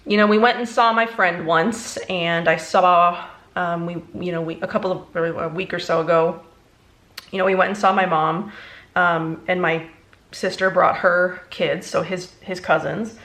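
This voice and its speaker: A young woman, a beauty vlogger, chatting casually through a makeup tutorial, rambling and halting, emotionally worn out. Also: on the low side, steady tone, a bit bright. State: emotionally exhausted.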